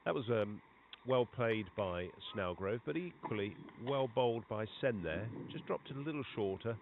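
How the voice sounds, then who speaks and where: A man's voice: fairly low pitch, normal speed. A man giving chatty live commentary on a cricket match. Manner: conversational, chatty between balls, rising excitement on big shots. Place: outdoor cricket ground. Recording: tinny phone-like line with clear background noise.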